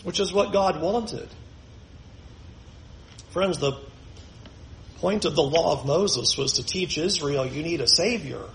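A male pastor with a high-pitched voice delivers an emphatic sermon, slipping into the voices of the people he quotes. The sound has a roomy echo, as in a church sanctuary. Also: takes it slowly, creaky, pauses often, fairly bright tone, a little hiss or hum.

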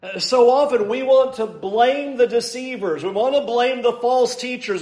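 High-voiced man preaching in an echoey room. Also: moderate pace, hardly any pauses, darkish tone. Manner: emphatic, repeats key points, dry sarcasm. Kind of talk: sermon. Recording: roomy echo.

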